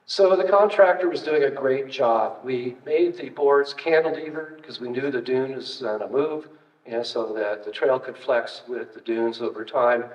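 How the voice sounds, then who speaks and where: A man's voice: mid-range voice, a little slow. An older man, a retired archaeologist, giving a casual, anecdotal public talk with slides, full of fillers and wry asides. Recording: distant, roomy, dull hall recording.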